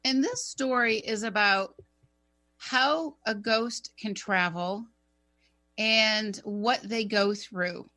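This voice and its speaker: A woman's voice: mid-range voice, slow. A middle-aged woman co-hosting a radio talk show, telling a personal story in a chatty, rambling way. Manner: animated, chatty, rambling with fillers.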